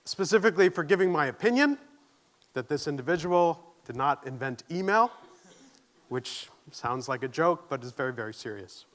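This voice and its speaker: Man, keynote speaker, high and bright, nervous but earnest on a stage mic. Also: expressive, moderate pace. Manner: earnest, self-deprecating, audience questions. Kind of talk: conference keynote talk. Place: conference stage.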